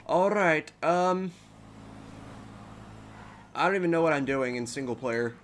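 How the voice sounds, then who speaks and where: A man's voice: on the high side, expressive, measured pace, slight background noise. A young man in his twenties giving rambling, frustrated, swearing commentary over a game. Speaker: gamer. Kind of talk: let's play commentary.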